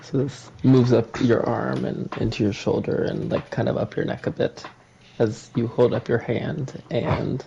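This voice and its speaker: A man's voice: medium pitch, steady tone, a little slow, gravelly, mellow. A man narrating a tabletop game as game master, describing scenes in a rambling way with many fillers. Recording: muffled lo-fi with faint hiss.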